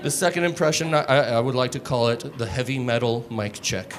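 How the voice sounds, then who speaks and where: A man's voice: medium pitch, fairly quick. Man, stand-up comic, self-mocking, handheld mic, club ambience. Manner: deadpan, crude, self-mocking delivery. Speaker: stand-up comedian. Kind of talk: stand-up comedy set. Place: comedy club stage. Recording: live stage mic with room noise.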